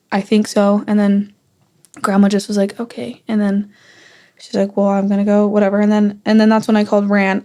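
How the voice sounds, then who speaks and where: A woman's voice: medium pitch, gravelly, warm tone. A young woman, a guest, in a casual family conversation, retelling a painful memory in a rambling way with many fillers. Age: young adult.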